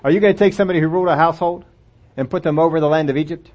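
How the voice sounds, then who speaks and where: A man's voice: fairly high pitch, rapid-fire, darkish tone. A man preaching a sermon and reading from the Bible in a conversational way, asking his listeners rhetorical questions. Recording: dull lo-fi recording.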